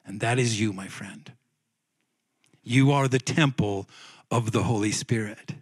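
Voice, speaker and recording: A man's voice: fairly low pitch, measured pace, breathy edge, no echo. A male pastor preaching a conversational sermon, often repeating words and restarting phrases. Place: church sanctuary.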